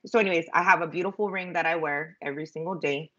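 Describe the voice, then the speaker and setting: A woman's voice: low-pitched, fairly even intonation, fast talker, a bit bright, lo-fi sound. A middle-aged woman rambling through a story on a live stream, chatty and self-mocking, with lots of fillers. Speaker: vlogger telling a story.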